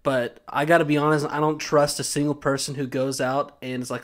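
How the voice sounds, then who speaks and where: A man's voice: fairly high pitch, flat delivery, a little fast, hardly any pauses. A young man co-hosting a podcast, teasing his friend in casual chat. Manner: teasing, joking. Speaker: podcast co-host.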